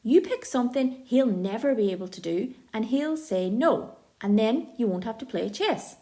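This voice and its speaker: A woman plays a cheeky, excitable schoolboy in a storybook reading. He teases and bursts with ideas, his voice leaping up and down. The tone stays mellow rather than sharp. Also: a little high, normal speed. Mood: eager. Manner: teasing, bursting with enthusiasm. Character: cheeky excitable schoolboy, boy's best friend.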